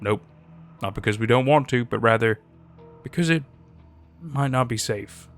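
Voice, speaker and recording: A man voicing a gruff, blunt middle-aged government agent with a Western drawl. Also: mid-range voice, moderate pace, faint music behind, natural voice. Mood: blunt, sardonic. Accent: American Western drawl. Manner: blunt, sardonic.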